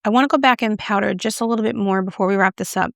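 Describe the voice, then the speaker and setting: A woman's voice: mid-range voice, racing, vocal fry, dry recording, studio quality. A woman chatting casually to camera while doing her makeup, talking through a product review with a self-mocking, playful manner. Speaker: beauty vlogger.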